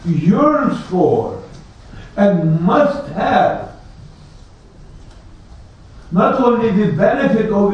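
Slow echoey preacher, rhetorical questions. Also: male voice, high voice, mellow. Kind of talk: sermon. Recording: echoey hall, distant lo-fi mic.

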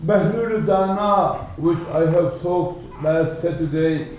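Slow, echoey male preacher. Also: fairly high pitch, a little mellow, slight background noise. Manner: slow, emphatic, deliberate. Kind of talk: sermon storytelling. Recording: echoey hall from far off.

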